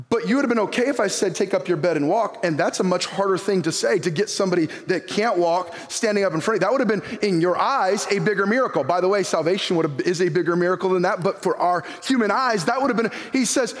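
High-voiced preacher in a reverberant hall. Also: male voice, fairly quick, hardly any pauses. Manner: animated preaching, reads scripture aloud, acts out voices. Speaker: pastor. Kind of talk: sermon.

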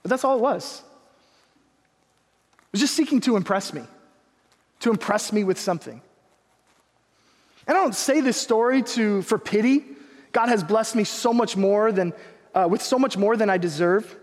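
A young man preaching a sermon, telling a personal story in an earnest, animated way, with quick asides to the congregation. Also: sits high, big-room sound. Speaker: pastor.

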